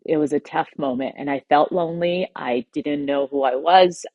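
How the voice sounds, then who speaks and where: A woman guest on a podcast, telling a personal story in a heartfelt way, pausing and choking up at times. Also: sits low, mellow, no echo, lo-fi sound. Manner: heartfelt, pauses and chokes up while recounting.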